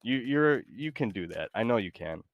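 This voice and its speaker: A man's voice: on the low side, big pitch swings, normal speed, dull audio. A man streaming a game, chatting casually and hesitantly, often trailing off with fillers. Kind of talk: casual gaming chat.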